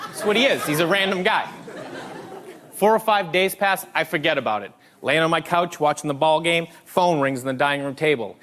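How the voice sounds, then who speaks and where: A man's voice: fairly high pitch, brisk, fairly bright tone. A man doing stand-up storytelling on a comedy stage, acting out the dialogue and laughing through his lines. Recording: live stage recording with crowd noise.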